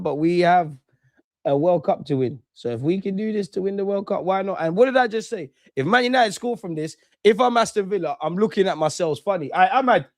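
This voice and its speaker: A young man with a voice that sits high streams a football watchalong, chatting slangily and sounding bored as he gives casual live commentary, with no room sound.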